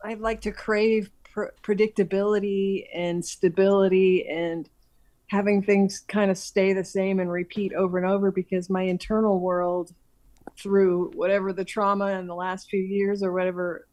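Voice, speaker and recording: A woman reflecting softly in a casual conversation, running her thoughts together with many 'and's. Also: mid-range voice, little pitch movement, moderate pace. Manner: soft-spoken, reflective, trails on with 'and'.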